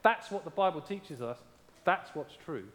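High-voiced pastor preaching in a hall. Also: male voice, lively intonation, measured pace. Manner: emphatic, repeats key lines, asks the congregation directly. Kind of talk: sermon.

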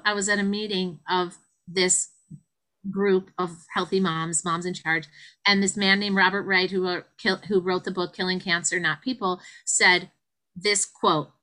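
A middle-aged woman, a guest, telling her story in an animated way and acting out the quotes. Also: normal speed, rough recording. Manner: animated, acts out quotes with big pitch jumps. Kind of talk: conversational storytelling.

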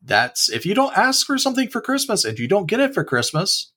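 Animated male co-host, swooping higher voice, blunt. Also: brisk, husky. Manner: animated, blunt, jokey emphasis. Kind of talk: casual discussion.

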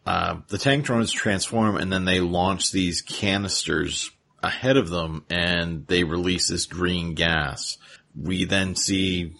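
Deep gravelly man recapping an episode. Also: steady tone, slow pace, pushed and bright. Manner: laid-back, rambling retelling with fillers. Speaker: podcast host.

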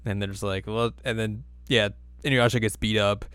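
A man's voice: fairly low pitch, steady tone, fairly bright tone, clean tone, no echo. Man casually recapping with a dry close mic. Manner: playful, acts out characters in quick silly voices. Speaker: podcast co-host. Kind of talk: casual chat recapping an anime episode.

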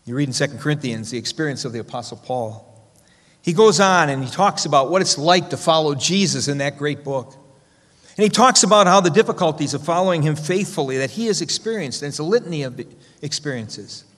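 A man preaching a sermon with a slightly raised pitch, his voice carrying long reverb through a church hall. He swings between loud, emphatic stresses and soft, slowed-down quotations. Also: lively intonation. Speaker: pastor.

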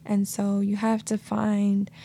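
Speaking slowly in a completely flat delivery, this woman has a medium-pitched, gravelly, dark voice over slight background noise. She's an American podcast host in New York City, telling casual, earnest stories on her reflective solo podcast, peppered with "like" and "you know."

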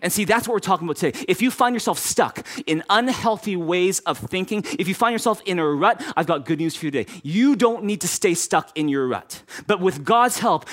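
A man preaching a sermon as pastor, repeating key phrases and speaking directly to his congregation. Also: on the high side.

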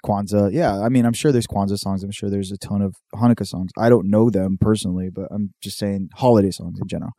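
A man's voice: on the low side, steady tone, fast, few pauses, warm tone, dry recording, clean studio sound. A man co-hosting a podcast, rambling in casual chat and restarting his sentences often. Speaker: podcast co-host.

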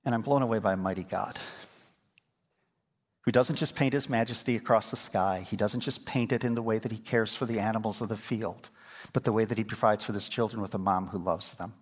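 A middle-aged pastor preaches a sermon, telling stories and swinging from quiet moments to emphatic, fervent points. His voice is lowish and a little fast, with a breathy edge.

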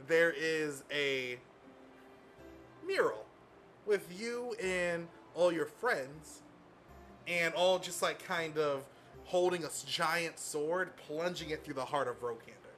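A man's voice: fairly high pitch, slow, fairly bright tone, soft background music. A man narrating as game master in a tabletop game, describing scenes casually with many fillers.

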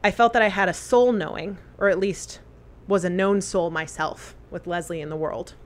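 Woman reading a heartfelt tribute aloud. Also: lowish voice. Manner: earnest, deliberate phrasing. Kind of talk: reading a memorial letter aloud.

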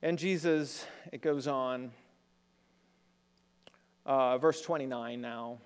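A man's voice: mid-range voice, takes it slowly, smooth. A man preaching a sermon in a conversational way, often asking the congregation rhetorical questions. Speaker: pastor. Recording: long hall reverb.

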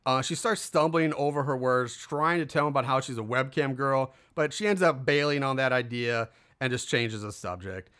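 A male podcast co-host goes over a film's story in a loose, rambling way, packed with fillers and acted-out dialogue. He has a mid-range, slightly bright voice and keeps a moderate pace with few pauses.

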